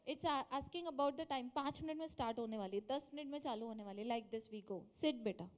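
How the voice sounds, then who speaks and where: A woman's voice: high-pitched, racing. A woman teacher with an Indian accent, quizzing a classroom in English mixed with Hindi and encouraging her students.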